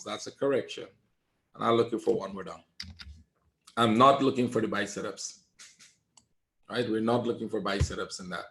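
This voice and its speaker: A man's voice: on the low side, a bit bright, roomy sound. A man running a live trading webinar, lecturing bluntly and often asking "right?" to check that his listeners follow. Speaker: trading coach.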